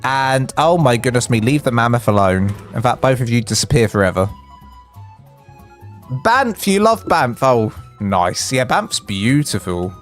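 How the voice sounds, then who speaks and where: A man's voice: unhurried, faint music behind. Chatty English man streaming a game. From England. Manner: chatty, rambling, jumps pitch when excited. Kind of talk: live-stream building commentary and chat.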